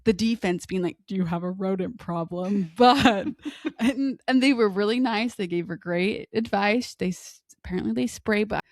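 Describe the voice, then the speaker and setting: A woman's voice: mid-range voice, moderate pace, a little mellow, no echo, clean studio sound. A woman in her thirties co-hosting a podcast, telling long rambling stories in casual chat. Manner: chatty, rambling storyteller. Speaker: podcast co-host.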